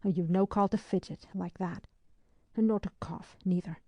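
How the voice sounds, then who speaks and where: A woman's voice: fairly low pitch, steady tone, moderate pace, mellow, no echo, dull audio, lightly acted. Woman reading as a chatty motherly housekeeper. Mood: fussing. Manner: talkative, fussing.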